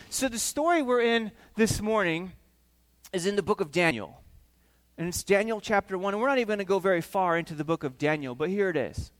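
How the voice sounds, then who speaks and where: A man's voice: high-pitched, normal speed. A man preaching a sermon, telling a family story with acted-out voices and questions to the congregation. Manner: animated, acts out voices, asks the room questions. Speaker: pastor.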